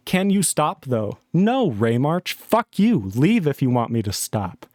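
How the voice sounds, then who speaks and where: A man's voice: fairly high pitch, very animated, measured pace, hardly any pauses, darkish tone, no room sound, clean studio sound. Angry profane man arguing on stream. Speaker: livestream host. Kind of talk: heated live-stream chat.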